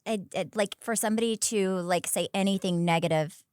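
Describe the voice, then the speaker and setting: A woman co-hosting a podcast in casual chat, talking in an animated, chatty way with lots of filler words. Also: medium pitch, brisk, clear, resonant tone, no room sound, clean studio sound. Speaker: podcast co-host.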